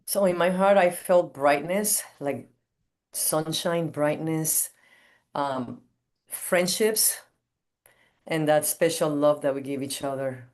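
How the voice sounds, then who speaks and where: A woman who is a guest on a video call, sharing her reflections in a gentle way. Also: deep voice, slow. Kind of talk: casual chat.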